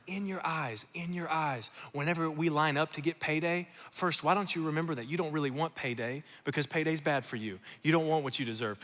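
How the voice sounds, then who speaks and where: A man's voice: on the high side, brisk, few pauses, fairly bright tone. A man preaching a sermon as pastor, emphatic and repetitive, firing off rhetorical questions. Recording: long hall reverb.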